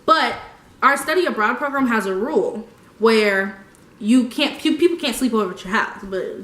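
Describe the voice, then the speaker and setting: A young woman telling a story casually, animated and slangy, laughing often. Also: a little high, normal speed, reverberant. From United States. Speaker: vlogger.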